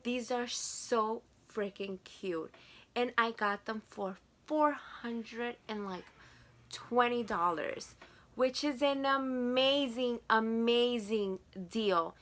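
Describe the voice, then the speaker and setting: A woman's voice: fairly high pitch, slow pace, a bit bright. A woman in her twenties with a Spanish accent, chatting to camera in a casual haul vlog, gushing and repeating words for emphasis. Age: 20s. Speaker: vlogger.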